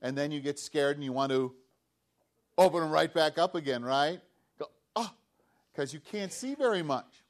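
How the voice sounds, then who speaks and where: A man giving a storytelling sermon to children, animated, acting out the voices of the people in the story. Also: a little high, moderate pace.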